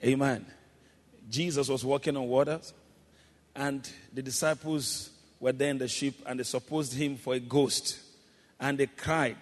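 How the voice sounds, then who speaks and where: A man preaching a sermon, calling the congregation to repeat his words and building to loud, shouted exclamations. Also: medium pitch, steady tone, a little slow. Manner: calls congregation to repeat after him, rising to shouts. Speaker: pastor. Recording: long hall reverb.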